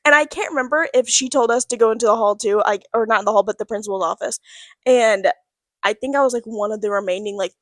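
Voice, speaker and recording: A woman's voice: fairly high pitch, quick pace, a bit bright, no echo, clean studio sound. A woman in her twenties, a podcast co-host, telling a school story in casual chat, full of "like"s and laughter. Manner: rambling, many "like"s, laughs often.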